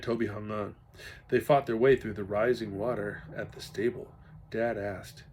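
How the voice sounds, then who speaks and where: A man's voice: lowish voice, normal speed, slightly rough. A man reading a children's novel aloud expressively, now and then talking to his listeners. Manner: expressive, stops to chat with listeners. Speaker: reader.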